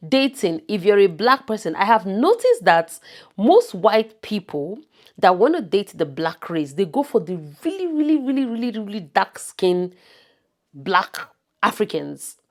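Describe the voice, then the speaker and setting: A woman's voice: medium pitch, big pitch swings, measured pace. Woman with a Nigerian accent, emphatic. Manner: emphatic, repeats words for stress. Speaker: vlogger. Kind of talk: casual talk to camera.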